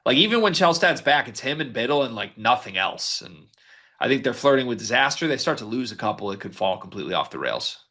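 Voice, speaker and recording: A man's voice: mid-range voice, big pitch swings, fast talker, bright, forceful tone. A man co-hosting a sports podcast, reading out stats and setting up each question in casual chat. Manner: runs the segment, reads stats and sets up each question. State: hiccuping. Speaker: podcast co-host.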